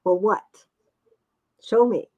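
A woman's voice: medium pitch, steady tone, slow, warm tone, dull audio. A woman author chatting casually, talkative and self-deprecating, laughing often. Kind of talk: casual chat.

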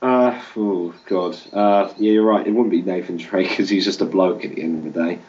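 A man's voice: low voice, steady tone, moderate pace, darkish tone. A man co-hosting a casual podcast, laid-back and hesitant. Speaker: podcast co-host. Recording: distant, dull lo-fi audio.

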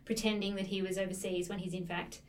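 A woman's voice: medium pitch, level tone, fast, far from the mic, a little hiss or hum. A woman co-hosting a casual chat about books, telling stories enthusiastically and laughing often. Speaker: podcast co-host discussing books.

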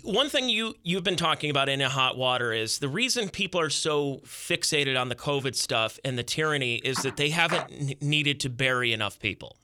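A man's voice: mid-range voice, animated, fairly quick, hardly any pauses, pushed and bright. A man in his thirties, a podcast guest, ranting angrily and sarcastically in casual chat.

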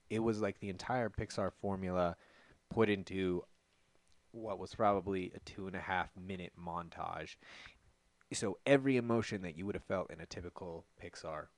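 A man's voice: deep voice, no echo. A man in a casual movie discussion, explaining his view at length and analytically.

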